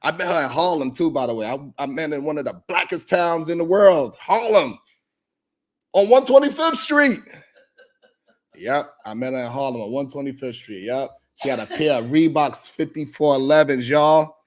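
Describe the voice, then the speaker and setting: A man hosting a live stream show, telling a comedic story in an animated, profane way. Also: fairly high pitch, normal speed. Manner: animated and profane, often laughing.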